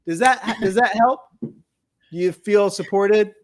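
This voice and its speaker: Man, high-pitched, rambling, hesitant, deadpan, comedy telethon host. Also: slow pace. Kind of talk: improvised comedy banter.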